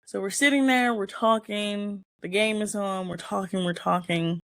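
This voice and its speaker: A woman host spins a personal story in easy, casual chat, slipping into the voices of the people in it. Her pitch sits mid-range, and the sound is dry and close, with no room ring. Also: normal speed, dry recording. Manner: animated, acts out the quoted lines in the story.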